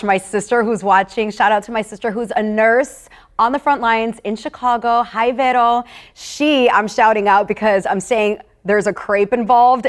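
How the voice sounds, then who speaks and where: An upbeat woman hosts a live tasting at a middling pitch. She chats straight to her viewers and wanders into personal stories. Her tone is casual and friendly. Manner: talks straight to viewers, calling them "you guys". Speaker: host of a live wine tasting. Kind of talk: casual live-stream hosting.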